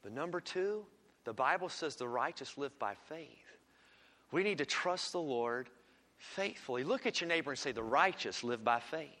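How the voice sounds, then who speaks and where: A man preaching a sermon, swinging from loud emphatic lines to hushed ones. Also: fairly high pitch, expressive, moderate pace. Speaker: pastor. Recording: long reverb of a large hall.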